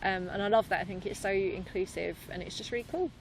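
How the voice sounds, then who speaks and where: A woman improviser chatting casually as a podcast guest, lively and quick to laugh, with many fillers. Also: mid-range voice, a little hiss or hum. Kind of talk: casual interview chat. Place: London.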